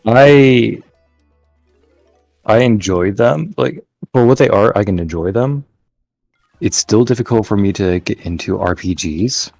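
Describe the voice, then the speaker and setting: A man's voice: lowish voice, unhurried, creaky, pauses often, a little mellow, no room sound, soft background music. A man co-hosting a casual gameplay chat, hesitant and full of fillers. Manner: hesitant, filler-heavy, mumbling. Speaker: co-host.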